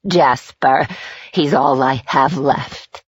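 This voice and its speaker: A man's voice: mid-range voice, slightly rough, no room sound, lo-fi sound. A man putting on a frail, pleading old man. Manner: slow, pitiful pleading. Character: frail elderly man pleading for his lost dog.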